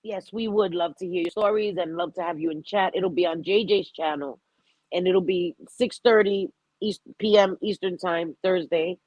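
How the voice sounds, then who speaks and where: Hosting an emotional live stream, a woman talks about grief in a rambling, heartfelt way, laughing often through a stuffy nose. Her voice is lowish and a little mellow at normal speed, on a lo-fi recording with no room sound.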